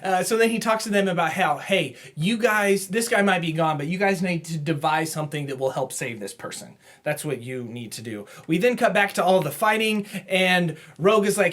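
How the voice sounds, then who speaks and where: Man, podcast co-host, higher voice, casual chat, quick put-on quotes. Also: animated, fairly bright tone. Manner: chatty, recaps plots with quick put-on quotes, laughs often. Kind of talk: casual comic review chat.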